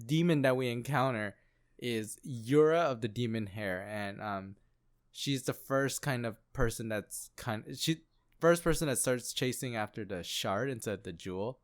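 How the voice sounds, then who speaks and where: A man co-hosting a casual anime recap podcast, animated and laughing, slipping into mock voices. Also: mid-range voice. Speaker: podcast co-host.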